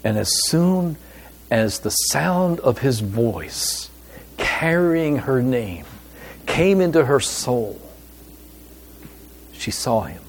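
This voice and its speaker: A man preaching a sermon as pastor, with a deliberate, emphatic delivery and pauses. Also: mid-range voice, sing-song, slightly rough.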